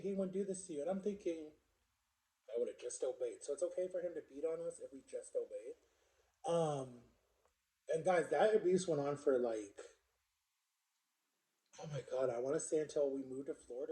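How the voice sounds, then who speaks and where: A vlogger in his forties tells a loose, rambling story to his viewers, leaning heavily on "like" and repeating words. For a man his voice sits a bit high, though it sounds very dark and mellow. A clear echo comes from the room around him.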